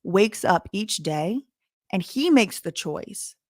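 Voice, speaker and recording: A woman hosting commentary, talking indignantly and repeating her points with deliberate stresses. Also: medium pitch, lively intonation, a little mellow, no room sound, clean studio sound. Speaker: commentary channel host. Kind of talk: emphatic to-camera commentary.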